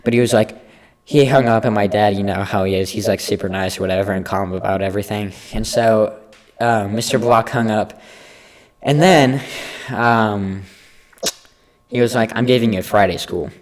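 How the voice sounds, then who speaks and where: A teenage boy with a lowish male voice co-hosts a podcast, speaking at a moderate pace. In casual chat he tells an animated story from school, acting out the people involved.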